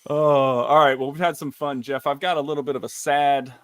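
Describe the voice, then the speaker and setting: A man's voice: medium pitch, fairly even intonation, fairly quick. A man co-hosting a live coffee chat stream, bringing up news items in a chatty, joking way. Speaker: co-host. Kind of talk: casual chat. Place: live stream video call.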